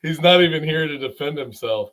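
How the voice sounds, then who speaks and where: A man who produces video, chatting casually from his home studio. He speaks in a relaxed, halting way. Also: fairly high pitch. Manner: relaxed, halting, many fillers. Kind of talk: casual chat.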